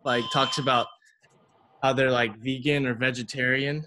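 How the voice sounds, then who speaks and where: A man's voice: medium pitch, fairly even intonation, moderate pace, background noise. A man, a student, asking a question hesitantly while out of breath. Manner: hesitant, lots of "like".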